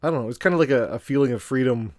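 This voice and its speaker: A man's voice: medium pitch, racing, dry recording, clean studio sound. A man co-hosting a podcast, talking in a hesitant, casual way with lots of fillers. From Canada. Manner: hesitant, with many fillers and laughs. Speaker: podcast co-host.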